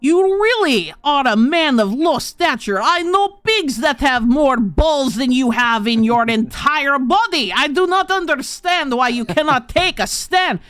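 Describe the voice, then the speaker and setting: Woman putting on a loud, brash townswoman who heaps scorn on people, her voice pitched way up and pushed, tabletop game character. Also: big pitch swings, slow, no echo, studio quality, heavily acted. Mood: mocking. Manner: crude, mocking, scornful. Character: brash insulting middle-aged woman townsperson.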